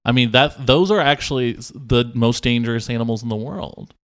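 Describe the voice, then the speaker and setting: A young adult man, a podcast producer, bantering with a deadpan, mock-serious delivery that swells into exaggerated outrage. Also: medium pitch, brisk.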